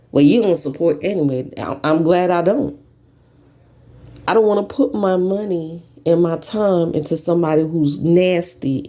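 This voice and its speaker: A woman ranting bluntly and profanely as a YouTube commentator at home, dropping to low mutters and jumping to sharp high bursts.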